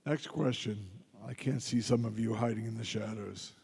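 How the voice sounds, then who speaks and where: Middle-aged man, convention panel guest, dark mellow tone, loose storytelling to a crowd, heard with long hall reverb. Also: lowish voice, normal speed. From Philadelphia. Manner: gruff, joking anecdotes addressed to the crowd. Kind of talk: audience Q&A storytelling.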